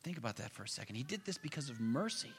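A man's voice: medium pitch, very fast, big-room sound, slight background noise. A man preaching a sermon in a church, telling the story with energy and acting out the people in it. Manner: animated storytelling, acts out voices, chuckles. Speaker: pastor. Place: church sanctuary.

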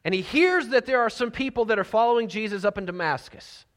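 A man preaching a sermon, telling the story with animated energy and dropping to soft near-whispers for emphasis. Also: sits high, a little fast. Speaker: pastor. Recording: long hall reverb.

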